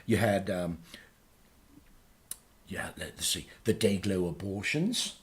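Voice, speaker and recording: Deep-voiced and slow, a man portrays a boastful aging punk singer from Liverpool who guest hosts a radio show. It's comic character chat, rambling and hesitant with many fillers, erupting now and then into loud rants.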